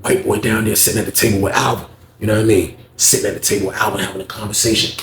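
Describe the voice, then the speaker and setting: A man telling a story in casual slang, animated and acting out the voices. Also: on the low side, very fast, creaky, far from the mic, a little hiss or hum. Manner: animated, slangy, acts out every voice. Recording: roomy echo.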